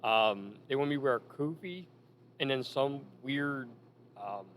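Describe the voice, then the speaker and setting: A man telling stories casually about managing in wrestling, animated and full of quoted lines. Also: medium pitch, unhurried, slight background noise. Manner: animated anecdotes with acted quotes. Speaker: former wrestling manager, guest. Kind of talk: casual storytelling.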